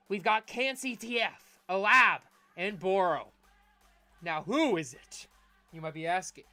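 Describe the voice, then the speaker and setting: A woman hosting a live-streamed awards ceremony, chatting loosely with lots of fillers and shouting out each winner's name. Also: fairly low pitch, expressive, measured pace, soft background music.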